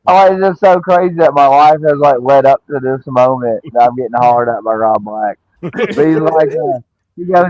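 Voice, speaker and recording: A man's voice: mid-range voice, moderate pace, darkish tone, no room sound, dull audio. A man, a wrestler guest, telling stories in a laid-back way with lots of "like" fillers. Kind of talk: casual storytelling.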